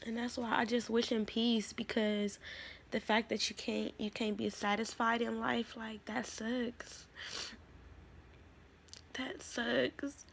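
A young adult woman vlogging a casual storytime, rambling, candid and profane, drifting between soft murmurs and louder bursts. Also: on the high side, little pitch movement, normal speed, gravelly, a little hiss or hum.

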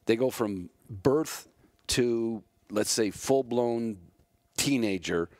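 A man's voice: medium pitch, slow, darkish tone, no echo. A man hosting a podcast, chatting casually and trading his own anecdotes with his guest. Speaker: podcast host. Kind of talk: interview conversation.

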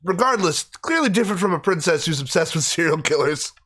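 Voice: mid-range voice, animated, fast, a bit bright. Rambling, laughing let's-play co-host. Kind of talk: casual gaming chat.

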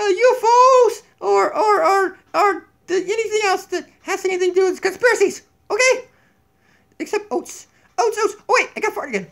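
A squeaky, giggly donkey puppet. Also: male voice, creaky, fairly bright tone, full character voice. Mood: cheeky. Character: silly fart-obsessed male donkey puppet, jumpy and easily scared. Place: downstairs home kitchen. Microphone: tablet camera mic.

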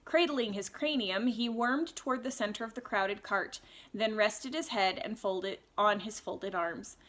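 A woman reading a fantasy novel aloud in a clear, even storytelling voice, now and then adding a casual aside to her listeners. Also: medium pitch, a little slow. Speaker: audiobook reader.

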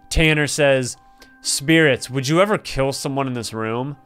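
A young man who runs a gaming channel reads in-game story dialogue aloud and reacts excitedly, laughing and gasping often. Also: mid-range voice, a little slow, smooth. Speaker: gaming YouTuber. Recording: faint background music.

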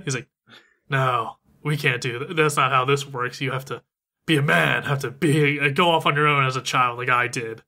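A podcast co-host with a mid-range, sharp-toned voice recaps a film at a moderate pace. In casual chat, he retells the movie's plot and acts out the characters' lines.

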